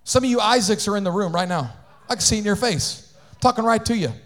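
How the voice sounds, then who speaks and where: A man preaching a sermon in church. He jokes and acts out little voices, then builds to shouted, sing-song preaching with call-outs to the congregation. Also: high voice, fast talker.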